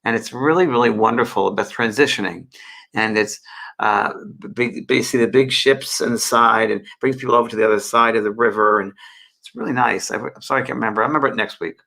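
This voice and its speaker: Gravelly bright-voiced male medium. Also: medium pitch, fast. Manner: gentle, rambling, answers viewer questions with many fillers. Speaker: spiritual medium and host. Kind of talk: live online Q&A and guidance.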